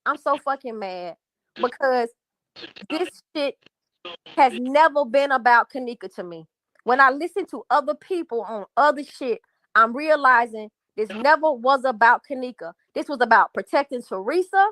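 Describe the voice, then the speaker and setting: This livestream host is a woman with a high, expressive voice, a moderate pace and a fairly bright tone. She vents angrily to her viewers in a profane, repetitive rant, calling her chat "y'all." The recording is dry and studio quality.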